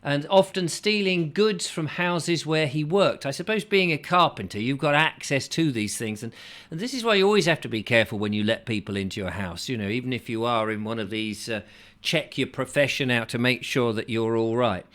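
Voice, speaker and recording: A man's voice: mid-range voice, a little fast, a bit bright. An English man hosting his own video, telling a history story in a rambling, digressive way, full of fillers and chatty asides to his viewers. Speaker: host. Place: home studio.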